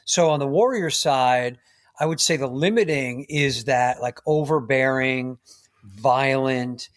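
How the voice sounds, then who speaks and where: A man's voice: medium pitch, slow. A man, a guest on a podcast interview, speaking earnestly and emphatically as a men's coach, often checking in with "right?".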